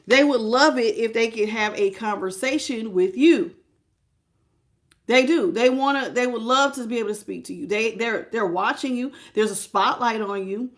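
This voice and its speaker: A woman's voice: fairly high pitch, fairly bright tone. A woman giving a casual live-stream tarot reading, chatty and frank, greeting viewers by name. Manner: frank and familiar, calls viewers y'all, child and baby.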